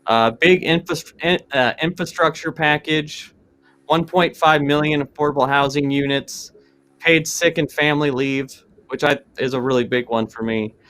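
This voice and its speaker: A man's voice: a little high, steady tone, moderate pace, a bit bright, slight background noise. A man hosting a livestream panel, talking casually with frequent restarts and some offhand swearing over a video call. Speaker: stream host.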